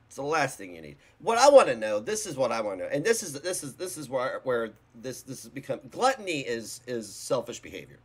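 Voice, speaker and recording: Animated, blunt male reaction host. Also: mid-range voice, a little fast, few pauses, husky. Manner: animated, rambling, blunt and mocking. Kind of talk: casual reaction commentary.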